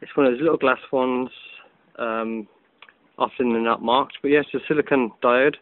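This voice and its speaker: A man's voice: mid-range voice, steady tone, normal speed. Man, casual hobbyist vlogger, loose and chatty; outdoor phone recording, tinny narrow sound. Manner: chatty, loose, with many ums and self-corrections. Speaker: hobbyist video maker. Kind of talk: casual demonstration vlog. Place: outdoors in afternoon sun. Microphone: phone camera.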